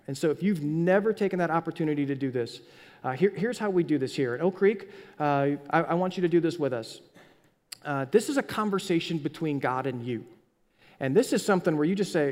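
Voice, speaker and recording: Delivering a sermon, this man speaks fairly quickly in a voice on the high side. His storytelling is animated, with frequent restarts, and a long reverb from the hall fills the recording.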